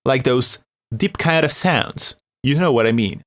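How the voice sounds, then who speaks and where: A young Polish man with a Polish accent hosts a live beat-making stream in a loose, chatty way. His medium-pitched voice is expressive and unhurried as he reads chat aloud and laughs often.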